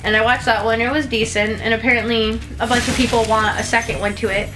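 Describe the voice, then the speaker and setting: A woman's voice: fairly high pitch, level tone, fast talker, music in the background, low-quality recording. A woman co-hosting a gaming video, chatting casually and rambling with frequent laughs. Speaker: let's play co-host. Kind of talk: casual chat while gaming.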